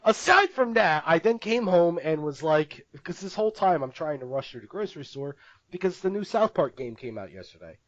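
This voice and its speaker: A man co-hosting a podcast, telling a story in casual chat, animated and laughing often as he acts out what people said. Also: on the high side, brisk, dry recording, lo-fi sound. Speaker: podcast co-host.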